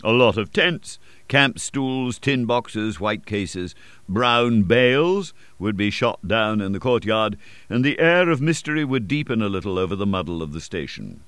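A man narrating a classic novel as an audiobook, reading expressively with wide swings in pitch and loudness. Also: lively intonation, measured pace, smooth, dry recording.

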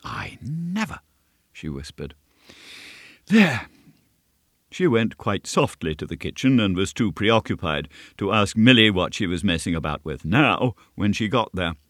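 A man reading a classic novel aloud as scripted narration, in a measured, steady storytelling manner. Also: lowish voice, no echo, clean studio sound. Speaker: audiobook narrator.

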